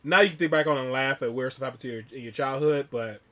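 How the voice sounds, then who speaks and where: A man's voice: medium pitch, fast talker, a bit bright. A man from Alabama, a reaction channel host, chatting casually and rambling through a story with lots of fillers. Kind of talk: casual chat.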